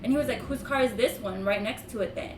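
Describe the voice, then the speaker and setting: A woman with a somewhat high voice tells a story in a loose, chatty way, full of "like" and quick laughs. She sits back from the mic in an echoey room, with a faint hiss behind her. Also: far from the mic. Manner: chatty, laughs often, peppered with "like". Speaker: streamer's girlfriend telling a story. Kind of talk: casual storytime chat. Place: room at home.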